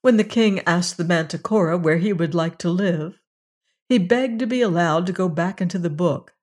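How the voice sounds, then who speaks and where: A storyteller reading a fairy tale aloud in a gentle, measured way, as host of a weekly reading. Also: mid-range voice.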